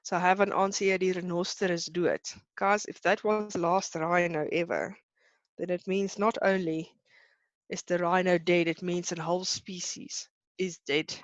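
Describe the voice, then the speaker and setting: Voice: medium pitch, little pitch movement, normal speed, dry recording, lo-fi sound. A teacher giving a live online lesson, talking in a hesitant, reassuring way with many fillers.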